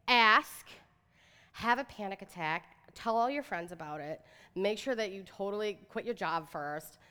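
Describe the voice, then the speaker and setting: A woman in her thirties giving a chatty, inspirational talk to an audience, with lots of "like" and "right?". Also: mid-range voice. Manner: chatty, animated, says "like" and "right?" often. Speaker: motivational speaker. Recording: reverberant hall.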